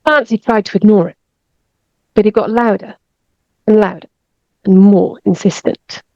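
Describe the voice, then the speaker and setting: A woman's voice: medium pitch, moderate pace, mellow, dry recording. Woman storyteller, dull muffled sound. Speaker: author and storyteller. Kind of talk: improvised storytelling.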